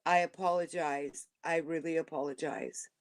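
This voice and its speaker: A woman's voice: deep voice, fairly even intonation, moderate pace. A woman co-hosting a casual livestream chat, laughing often and chiming in with apologies.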